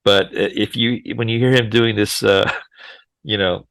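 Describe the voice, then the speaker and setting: A man's voice: fairly low pitch, steady tone, unhurried, vocal fry, a bit bright, dry recording. A man hosting a casual movie podcast, often laughing and passing the turn to his co-hosts. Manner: laughs often, moderates turns. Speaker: podcast host.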